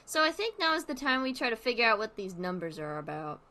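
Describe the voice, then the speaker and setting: A woman's voice: on the high side, sing-song, fast talker. Rambling woman streamer thinking aloud. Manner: rambling, thinking out loud with many fillers. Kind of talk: casual commentary while playing.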